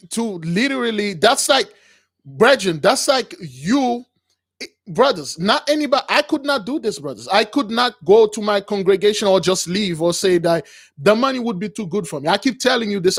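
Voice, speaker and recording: A man's voice: sits high, animated, moderate pace, husky, no echo, clean studio sound. A man hosting a call-in show, preaching emphatically and often calling listeners brothers. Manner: emphatic, repetitive, keeps addressing listeners as brothers. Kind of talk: preaching to callers.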